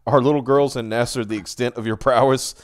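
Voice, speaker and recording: A man's voice: medium pitch, steady tone, brisk. A man co-hosting a livestream, ranting casually and profanely with exasperation while reading tweets aloud. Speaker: stream co-host.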